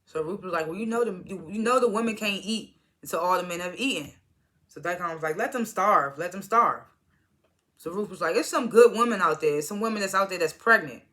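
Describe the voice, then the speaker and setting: A woman's voice: fairly low pitch, quick pace, fairly bright tone. A woman casually recapping a TV episode, retelling scenes by quoting each character in turn and laughing at them. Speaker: TV show reviewer.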